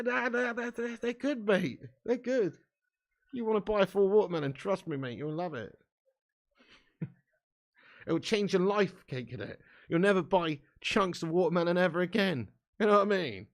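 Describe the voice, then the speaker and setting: A young English man hosting a live stream, chatting in sweary, laddish banter with his viewers and laughing often. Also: sits high. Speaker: livestream host. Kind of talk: live watch-along chat.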